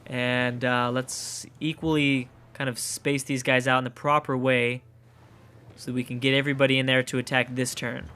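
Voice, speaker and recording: Recording a let's play, a Canadian-accented man from Canada talks through his strategy game casually, thinking aloud and swearing at setbacks. He speaks at a moderate pace in a mid-range voice with little pitch movement, sounding pushed, bright, clear, and resonant.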